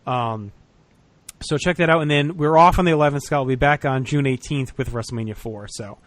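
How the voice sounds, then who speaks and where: A man's voice: medium pitch, brisk, no room sound. Male podcast host, loose chatty delivery, dry close mic. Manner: relaxed, rambling with fillers. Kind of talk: casual podcast chat.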